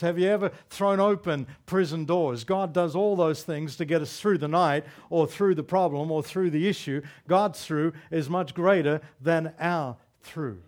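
A man preaching a sermon to his congregation. His voice sits a little higher than most men's. He drives his points home with repeated refrains and a string of rhetorical questions. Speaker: pastor.

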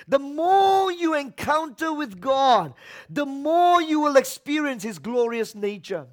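High-voiced preaching man, soft then shouting. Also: very animated, slow pace. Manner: swings from soft asides to shouted exhortation; repeats key phrases for emphasis. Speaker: pastor. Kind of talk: sermon.

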